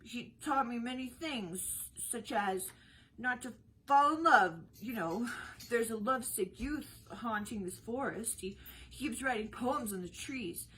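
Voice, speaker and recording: A woman voicing a lively young woman in disguise, who fires off eager questions and teases. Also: fairly high pitch, a little hiss or hum, poor audio. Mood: teasing. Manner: eager, rapid-fire questioning.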